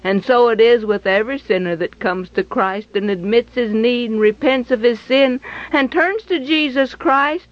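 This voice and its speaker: A woman's voice: on the high side, moderate pace, highs cut off. A woman telling a Bible story in a dramatic, emphatic way, repeating phrases for effect.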